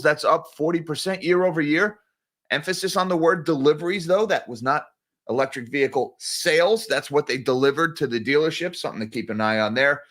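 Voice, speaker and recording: A man hosts a morning finance livestream with a slightly higher voice. He talks casually and directly, addressing his viewers as guys as he runs through the news. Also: fairly bright tone. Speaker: market news livestream host. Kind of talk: casual market commentary.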